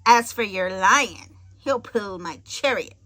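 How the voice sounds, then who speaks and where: A woman voicing a cruel, bossy old witch with a shrill screech in a storybook reading. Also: slow, bright, forceful tone. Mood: commanding.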